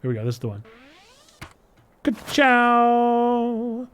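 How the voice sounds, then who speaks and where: A man's voice: fairly high pitch, big pitch swings, brisk, no room sound, soft background music. A young man casually commenting as he plays a game, playful and reacting aloud. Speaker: game streamer.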